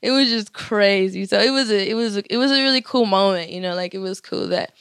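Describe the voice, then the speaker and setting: A woman's voice: mid-range voice, quick pace, fairly bright tone, smooth, no room sound, clean studio sound. A young woman rapper in her twenties telling a story casually, full of swearing, fillers and laughter. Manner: loose, profane, many fillers, laughs often.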